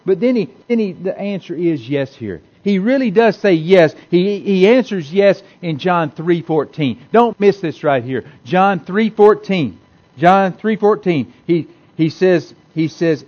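High-voiced man preaching folksy. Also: expressive, unhurried, a little mellow, highs cut off. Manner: folksy, repetitive, conversational preaching with many restarts. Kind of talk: sermon. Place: church hall with a congregation.

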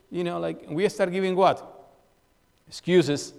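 A man's voice: high voice, expressive, a little slow, creaky, a little mellow. Male pastor delivering a sermon in a church hall with long reverb, asking the congregation questions. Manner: asks the congregation questions and tags lines with "right?"; tells a personal story as an illustration.

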